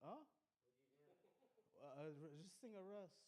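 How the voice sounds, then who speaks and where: A man doing a rambling stand-up set, profane and defiant, swinging between loud outbursts and low muttering. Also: slow. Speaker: stand-up comedian. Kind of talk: rambling open-mic stand-up rant. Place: small comedy club.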